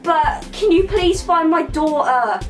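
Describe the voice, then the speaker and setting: A woman's voice: very high-pitched, animated, slow pace, reverberant, far from the mic, soft background music, exaggerated voice. A woman, voicing a weepy, melodramatic young woman who wails about her misfortune. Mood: tearful.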